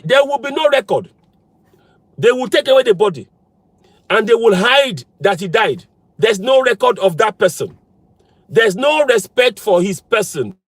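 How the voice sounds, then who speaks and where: A man with a high voice, delivering a fervent political monologue full of pointed, repeated questions. His pitch swings widely as he presses each point home. He is recorded close and dry. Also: no room sound. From Nigeria. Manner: fires repeated rhetorical questions, insistent and emphatic. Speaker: political commentator.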